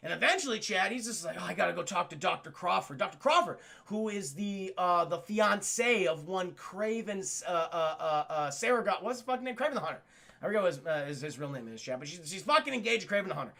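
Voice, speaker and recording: High, gravelly-voiced male streamer. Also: fairly quick. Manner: rambling, profane, excitable. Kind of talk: casual story recap to stream chat.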